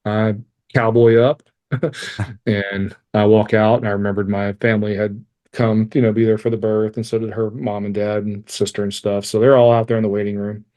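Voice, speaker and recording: A man's voice: on the low side, little pitch movement, normal speed, mellow. A man, a podcast guest, telling a painful personal story with candid swearing and wry laughs. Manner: candid and emotional, swears freely; laughs through hard memories.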